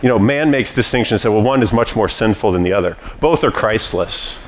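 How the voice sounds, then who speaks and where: A man's voice: fairly low pitch, animated, fairly quick, slight background noise. A man preaching a sermon in an earnest, rhetorical way, tossing in questioning asides to his listeners.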